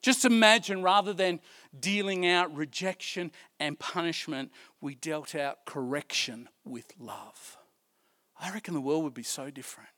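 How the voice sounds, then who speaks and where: A man, a pastor, preaching a sermon. He swings from loud, emphatic preaching to soft, hushed lines, repeating key phrases and drawing out stressed words. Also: fairly high pitch, a little slow.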